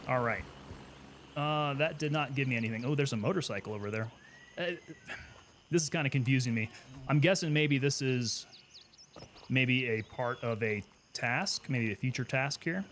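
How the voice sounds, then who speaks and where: A man talks casually through his gameplay, wondering aloud and answering viewers' questions. His voice sits at an ordinary mid pitch. A faint hiss stays under the voice. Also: normal speed, pauses often, fairly bright tone. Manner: chatty, thinks aloud, answers chat questions. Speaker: gaming streamer and Army veteran. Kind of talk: casual live gameplay commentary.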